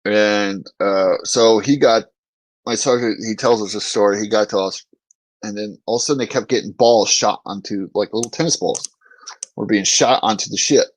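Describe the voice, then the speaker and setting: A man's voice: fairly low pitch, steady tone, normal speed, no echo, low-quality recording. A man, a former Marine infantryman, hosting a podcast and telling stories in a casual, profane way, laughing often. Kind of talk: casual storytelling chat.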